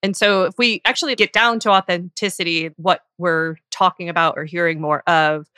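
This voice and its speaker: A woman's voice: on the low side, steady tone, moderate pace, pushed and bright, clean tone, no room sound, clean studio sound. A woman co-hosting a podcast, posing thoughtful questions. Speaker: podcast co-host. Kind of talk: podcast interview.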